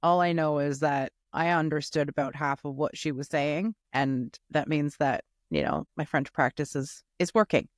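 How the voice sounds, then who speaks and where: A woman co-hosting a casual show recap, skeptical and animated as she retells scenes with quoted asides. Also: low-pitched, normal speed, few pauses, no echo, clean studio sound. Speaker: recap podcast co-host. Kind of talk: casual chat reviewing a reality show.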